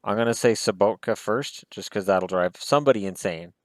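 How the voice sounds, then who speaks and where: A man's voice: fairly low pitch, a little fast, dry recording. A man giving casual solo hockey commentary in a rambling, wry way, with self-deprecating asides.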